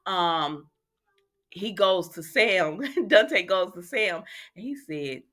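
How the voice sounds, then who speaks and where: A chatty woman recapping a soap opera, slipping into the characters' lines and reacting loudly to twists. Her voice sits a little low for a woman, and she talks in a loose, conversational way. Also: takes it slowly. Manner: chatty, retells scenes acting out the lines with lively reactions. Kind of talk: casual chat.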